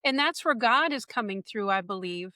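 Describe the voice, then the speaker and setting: A woman's voice: mid-range voice, lively intonation, normal speed, sharp tone, dry recording, clean studio sound. A woman podcast host making reflective, faith-based comments to her guest. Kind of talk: supportive interview talk.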